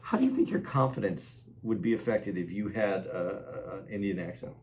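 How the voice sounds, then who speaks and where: A man co-hosting a podcast in casual chat, asking questions in a halting way. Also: on the low side, darkish tone, a little hiss or hum. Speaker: podcast co-host.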